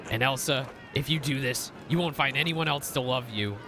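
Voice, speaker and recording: A man's voice: medium pitch, normal speed, creaky, natural voice. A man reading the lines of a harsh, bullying older miller from a story game, in a contemptuous scolding tone, over a noisy background.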